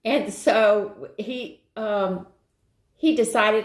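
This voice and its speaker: A woman's voice: mid-range voice, slow. An older woman hosting a live stream, telling a rambling everyday story in casual chat and greeting viewers along the way. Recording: roomy echo.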